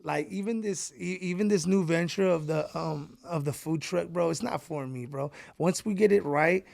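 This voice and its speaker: A Mexican entrepreneur appears as a podcast guest, casually telling stories full of swearing and frequent "bro"s in a profane, emphatic way. His voice sits fairly high, gravelly and a little mellow, at a normal speed. The recording is dry.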